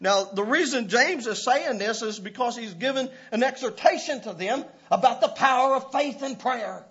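A man preaching a sermon with passion, often breaking into shouts and laughs. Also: very high voice, moderate pace, slightly rough. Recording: dull lo-fi recording.

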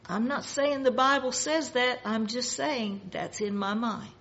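A woman preaching a sermon in a slow, measured way, rising in force for emphasis. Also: a little high, a bit bright, dull audio.

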